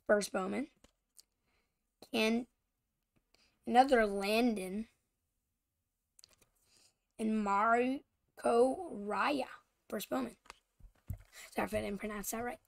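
A woman hosting a casual card-opening video, halting with many fillers and often apologizing for mispronouncing names. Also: fairly high pitch, gravelly. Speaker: channel host showing baseball cards.

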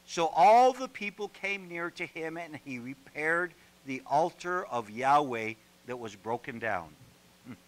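A man preaching a sermon as a pastor, animated and joking, often repeating words as he builds up. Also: on the high side, unhurried, low-quality recording.

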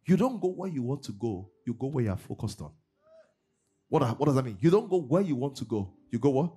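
Man, pastor preaching, husky voice, faint music behind. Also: mid-range voice. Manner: animated preaching, mimics congregants, laughs often. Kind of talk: sermon.

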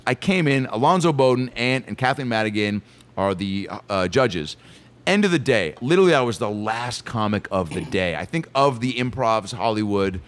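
A man in his thirties tells stories from his stand-up career in relaxed talk-show chat. He is animated and swears casually, and his voice sits at an ordinary middle pitch. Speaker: comedian guest.

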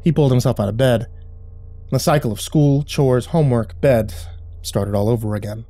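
Somber male horror narrator, dark tone. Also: mid-range voice, dry recording. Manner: measured, somber storytelling with quiet dialogue reads. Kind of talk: scripted horror story narration. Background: faint music.

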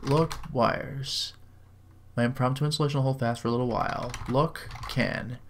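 A man reading out a text adventure game and typing commands, with dry, wry asides and slowly drawled commands. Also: medium pitch, fairly even intonation, a little hiss or hum. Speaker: game video host. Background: faint keyboard typing.

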